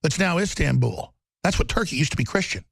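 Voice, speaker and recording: A male talk show host delivering a loud, rambling monologue with a gravelly voice, bursting into shouting. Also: on the high side, lively intonation, fairly quick, dry recording. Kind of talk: ranting monologue.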